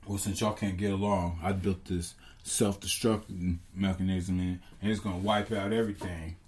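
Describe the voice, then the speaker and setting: Man playing a shrugging mad scientist, low and quiet. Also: flat delivery, moderate pace, natural voice. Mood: detached. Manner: low, muttering, offhand. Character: sly, indifferent male mad scientist creator.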